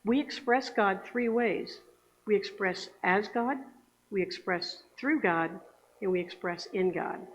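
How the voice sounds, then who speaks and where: A woman's voice: medium pitch, a little slow, slight background noise. Woman preaching in an echoey hall. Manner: chatty, asks the congregation for agreement. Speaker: speaker giving the Sunday message. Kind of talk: conversational sermon. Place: church sanctuary. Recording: echoey hall, dull lo-fi sound.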